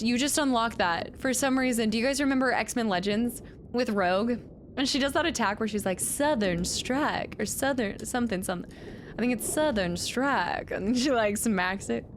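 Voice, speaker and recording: A woman's voice: mid-range voice, slight background noise. A woman streamer chatting casually with viewers while playing a game, laughing often and thanking people for donations and follows. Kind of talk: casual live-stream chat while gaming.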